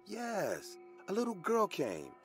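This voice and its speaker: A man's voice: high-pitched, huge pitch swings, slow, a bit bright, faint music behind, pitched above the performer's own voice, exaggerated voice. A man voicing a dazed woman patient with a head injury, in a raised voice.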